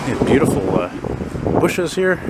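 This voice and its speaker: Walking down a city street with a handheld camera, a French Canadian vlogger from Quebec talks in an unhurried, sing-song, mid-range voice. He's blunt and casual, swears freely, and grumbles about politicians while passing cars and traffic noise fill the background.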